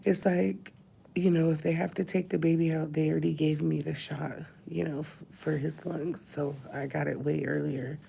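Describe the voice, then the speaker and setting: In her thirties and sitting in a hospital room, a woman cries through a confessional vlog, her voice breaking into whispers and sighs. She speaks low and level at a normal pace, with a creaky, mellow quality. A little hiss or hum sits under the audio.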